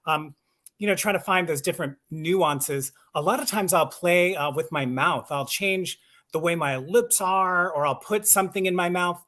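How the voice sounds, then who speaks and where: Explaining how he does voice acting and audiobook narration, the man keeps things casual and excited on a live stream, laughing at his own expense. His high-pitched voice sounds pushed and bright, delivered at a moderate pace.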